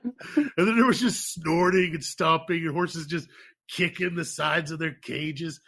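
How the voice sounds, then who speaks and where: A man co-hosting a podcast, telling rambling stories in a casual, profane, animated way. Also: fairly high pitch, a little slow. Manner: animated, profane, laughing storyteller. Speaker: podcast co-host. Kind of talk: casual chat, storytelling.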